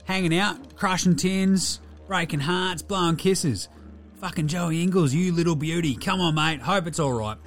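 Brief: a man playing a young bogan Aussie hoops player, broad accent, sweary rambling, pitched up high. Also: moderate pace, soft background music, lightly acted. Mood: cheeky rambling. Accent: broad Australian. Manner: rambling, swearing, slangy, cheeky. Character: crude laid-back young male Aussie basketballer.

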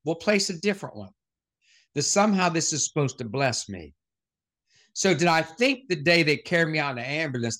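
A man's voice: medium pitch, a bit bright. A man speaking as a motivational speaker, telling stories as a podcast guest and firing off short rhetorical questions. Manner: punchy rhetorical questions, anecdotal.

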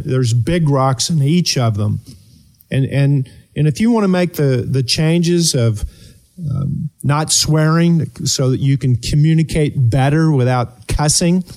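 A man hosting a motivational talk show, coaching listeners earnestly with rhetorical questions and deliberate pauses. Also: medium pitch, darkish tone. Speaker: host and performance coach.

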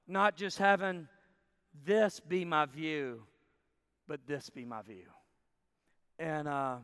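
A man in his forties from Arkansas delivers a sermon in a high, resonant voice. He tells his story with animated bursts of shouting and falls back to hushed intensity. The dry close sound is followed by a long reverb from the large hall. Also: smooth. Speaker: camp preacher.

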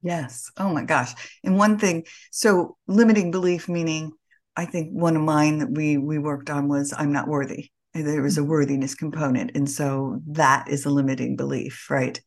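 Casting: woman podcast host, effusive, low-pitched, quick to laugh. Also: little pitch movement, a little mellow. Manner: effusive, exclaims often, laughs while telling stories. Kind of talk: casual interview conversation.

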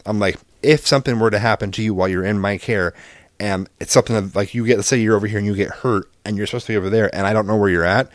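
Brief: a lowish-voiced man, animated storyteller who voices everyone in the tale, close dry mic. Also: no room sound. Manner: animated, acts out both sides of dialogue, swears freely. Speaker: parent telling a story. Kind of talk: casual storytelling chat.

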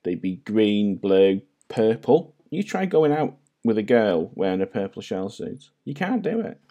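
A man in his forties with a North Welsh accent that leans Scouse, talking in a fairly low voice. He chats as a podcast guest over a video call and tells rambling, self-deprecating stories. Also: very animated, measured pace, dark tone, highs cut off. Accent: North Welsh with a Scouse-like twang. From North Wales. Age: 40s. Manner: chatty, self-deprecating storyteller. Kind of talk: casual chat.

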